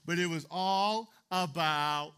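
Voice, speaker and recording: Slow and on the high side, the young youth pastor's voice comes across as a bit bright, clear, and resonant. His sermon is conversational, peppered with "okay?" and "right?" aimed at the room.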